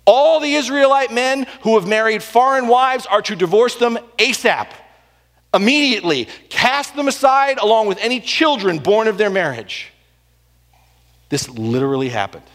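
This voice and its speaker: A man preaching a sermon, telling the story with animated swings between loud and hushed delivery. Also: high voice, moderate pace. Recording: long hall reverb.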